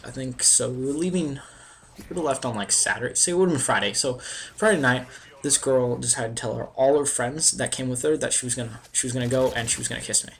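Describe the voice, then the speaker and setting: A man's voice: medium pitch, a little hiss or hum. A man casually telling a personal story on a video, rambling and peppered with "like" and "you know". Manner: animated and swearing in retold bits. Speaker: vlogger.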